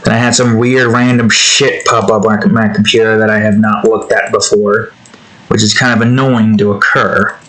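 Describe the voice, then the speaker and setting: A man chatting casually while he draws, rambling through off-topic asides and swinging into animated mock rants. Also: on the low side, normal speed, rough recording. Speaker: art vlogger. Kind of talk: casual chat while drawing.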